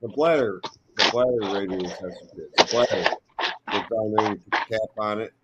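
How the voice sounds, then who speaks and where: A man's voice: fairly low pitch, moderate pace, highs cut off, heavy background noise. A middle-aged man hosting a casual live stream, telling rambling stories in a blunt, profane way. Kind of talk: casual chat.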